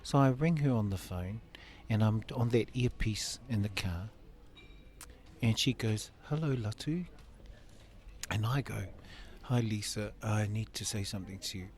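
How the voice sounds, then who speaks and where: In this interview, a man in his fifties shares a personal story with sincerity and plays out the quoted dialogue. His voice leans low and his speed is normal.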